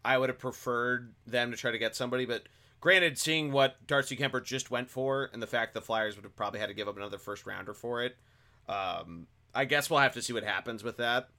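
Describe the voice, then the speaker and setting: A man's voice: medium pitch, a little fast, bright, forceful tone. A man hosting a casual sports podcast, talking through the news in a loose conversational way with fillers and restarts. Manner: conversational, with fillers and self-corrections. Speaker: podcast host.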